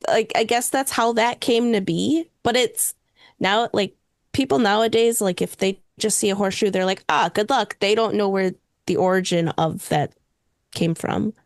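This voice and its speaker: A woman's voice: medium pitch, normal speed, dry recording. Giggly young woman co-hosting a podcast. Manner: laughs often, loose with fillers. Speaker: podcast co-host. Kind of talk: casual chat about superstitions.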